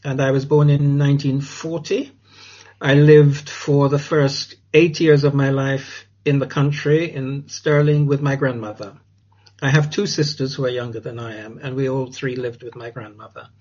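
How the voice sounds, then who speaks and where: Older man, husky and reflective. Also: medium pitch, level tone, darkish tone. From Jamaica. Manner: thoughtful, unhurried, with frequent restarts and ums. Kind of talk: reflective oral-history recollection. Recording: dull lo-fi recording.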